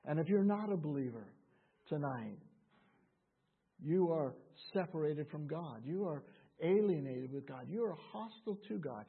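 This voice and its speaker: A man preaching a sermon, earnest and slow, with dramatic pauses and quoted voices. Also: fairly high pitch, lively intonation, slightly rough. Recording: tinny phone-like sound.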